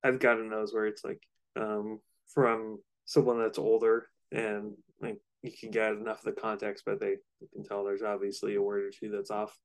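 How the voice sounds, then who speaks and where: A man co-hosting a podcast with a somewhat low voice. He talks in an easygoing, rambling way, with fillers along the way. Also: flat delivery, moderate pace, hardly any pauses. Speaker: podcast co-host. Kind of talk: casual chat.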